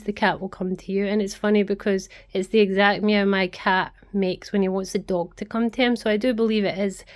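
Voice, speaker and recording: A middle-aged woman talking casually as she works in her craft studio, rambling from one thing to the next. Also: medium pitch. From Scotland. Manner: rambling, chatty, talks to her pets. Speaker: craft vlogger. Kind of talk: casual chatty vlog.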